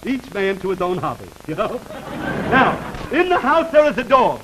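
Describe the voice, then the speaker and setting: A man's voice: high-pitched, very animated, moderate pace. A middle-aged comedian telling a rambling, self-interrupting comic story for a sponsor, laughing at his own jokes. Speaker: comedian doing a sponsored pitch. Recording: noisy vintage 1940s broadcast recording.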